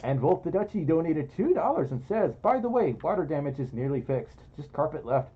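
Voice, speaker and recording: With a fairly high, slightly rough voice and big swings in pitch, a male streamer speaks briskly as he reads donations on a casual livestream. He's indoors in a fursuit, playful, giggly, and self-deprecating, and the audio comes through muffled.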